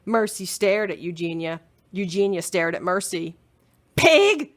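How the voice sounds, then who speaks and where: A woman librarian reading a children's chapter book aloud in an expressive storytelling manner. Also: fairly low pitch, moderate pace.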